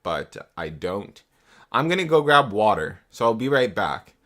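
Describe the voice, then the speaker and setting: A man's voice: on the low side, big pitch swings, measured pace, fairly bright tone. A young man chatting casually on a live stream, swearing often and repeating himself, into a desktop mic at home. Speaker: livestreamer. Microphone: desktop USB mic.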